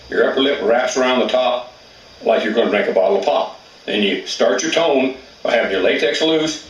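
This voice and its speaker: A man's voice: mid-range voice, roomy sound, far from the mic, low-quality recording. A man teaching elk calling in a plainspoken, folksy way, with rural grammar. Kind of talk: outdoor hunting instruction.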